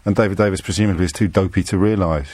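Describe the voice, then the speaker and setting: Middle-aged English man, radio phone-in host, dry close studio mic, sardonic, lowish voice. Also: steady tone, darkish tone, breathy edge, dry recording. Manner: quick, sardonic and conversational. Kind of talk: live radio phone-in chat. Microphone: studio microphone.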